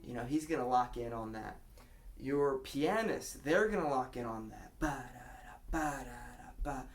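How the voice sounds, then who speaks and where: A man's voice: mid-range voice, lively intonation, normal speed. A man giving a casual guitar lesson, explaining a strumming pattern and counting beats aloud. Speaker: guitar teacher.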